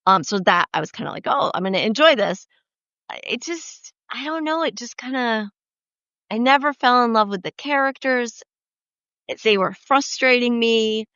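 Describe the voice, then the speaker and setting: Blunt, fairly high-voiced woman. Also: expressive, moderate pace, bright, forceful tone, smooth, no room sound, muffled recording. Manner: blunt, swears, hesitant restarts. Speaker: podcast co-host. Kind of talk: casual chat.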